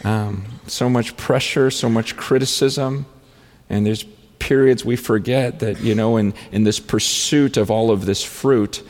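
Earnest male pastor preaching to an audience in a large hall, halting restarts, long reverb trailing each phrase. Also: medium pitch, fairly even intonation, darkish tone. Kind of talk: sermon.

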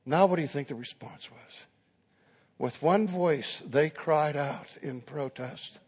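A man's voice: on the high side, measured pace, husky, long reverb tail. A man preaching a sermon who tells his story dramatically and acts out the dialogue.

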